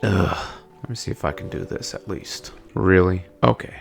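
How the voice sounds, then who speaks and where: A man with a low, husky voice and some vocal fry chats at a moderate pace through a casual let's play, frequently addressing the game's characters. Faint music plays in the background.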